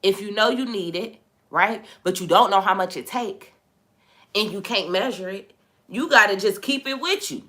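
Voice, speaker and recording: Bright-voiced young woman, casual talk. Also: mid-range voice, moderate pace. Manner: relaxed and conversational, drops to a hushed voice when retelling. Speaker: podcast host.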